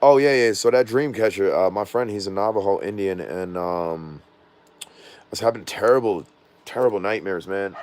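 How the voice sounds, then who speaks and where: Low-voiced rambling man vlogging at home. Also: normal speed, a little mellow. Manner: rambling, loses his train of thought, slangy. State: says his voice is not normal. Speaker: drone vlogger. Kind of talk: rambling casual vlog. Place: at home indoors.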